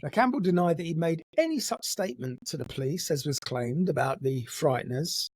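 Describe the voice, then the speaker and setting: A man's voice: fairly high pitch, lively intonation, a little fast, no room sound. A man co-hosting a podcast, telling a true story in a casual, dry, jokey way. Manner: dry, jokey, puts on gruff voices in quotes.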